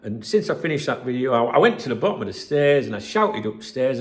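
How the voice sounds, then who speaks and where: A man's voice: mid-range voice, very animated, a little fast. A man hosting his channel in a casual, rambling vlog chat from his home office desk, swearing freely as he talks. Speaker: channel host.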